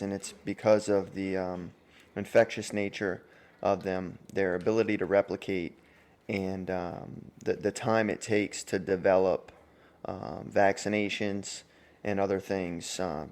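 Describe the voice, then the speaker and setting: Low-voiced American guy hosting a podcast, jokey ad reads, halting explanations. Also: a little mellow. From United States. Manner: joking, with loose, halting explanations. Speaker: podcast co-host. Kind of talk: casual podcast chat and ad reads.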